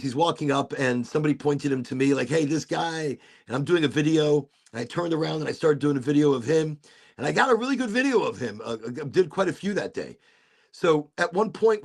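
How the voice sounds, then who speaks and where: Gravelly-voiced man telling rambling stories. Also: fairly high pitch. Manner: rambling storyteller, laughs often. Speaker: podcast host. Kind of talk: casual chat.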